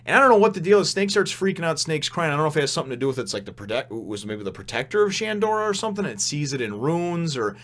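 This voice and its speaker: A man's voice: a little high, very animated, fast, few pauses, fairly bright tone. A man giving a casual review of a manga chapter, rambling and candid, with frequent restarts.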